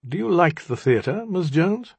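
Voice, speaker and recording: A man reading an audiobook, voicing a guarded, aloof young male magician who speaks quietly and formally. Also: fairly high pitch, big pitch swings, a little slow, vocal fry, husky, dry recording, pitched above the performer's own voice, heavily acted.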